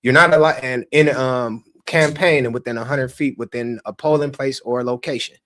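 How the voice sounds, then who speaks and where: A man with a Chicago accent, a candidate telling an election-day story on a podcast, animated and acting out the dialogue. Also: medium pitch, brisk. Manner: animated, acts out quoted dialogue. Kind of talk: casual storytelling chat.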